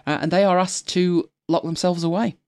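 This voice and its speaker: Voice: medium pitch, fairly even intonation, normal speed, darkish tone, clear, resonant tone. A co-host chatting loosely on a talk show, rambling with many fillers and restarts. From United Kingdom. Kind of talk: casual panel chat.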